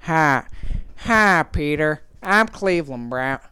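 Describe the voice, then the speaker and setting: A man doing an impression of a mild-mannered male cartoon neighbor, slow and soft-spoken. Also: on the high side, animated, smooth, no room sound, exaggerated voice. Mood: polite.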